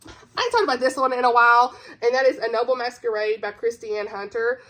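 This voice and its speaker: A woman's voice: on the high side, fast, a bit bright, slight background noise. A woman hosting her own channel, chatting casually and bubbly about books she recommends, giggling often. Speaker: book reviewer, channel host. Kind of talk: casual book-recommendation chat.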